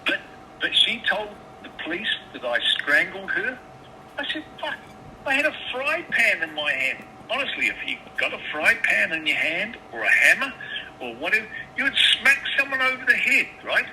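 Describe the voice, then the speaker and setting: A man's voice: high voice, sing-song, normal speed, pushed and bright. A man on a phone call, swearing often and stammering through restarts as he tells his side. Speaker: caller. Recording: phone line with background noise.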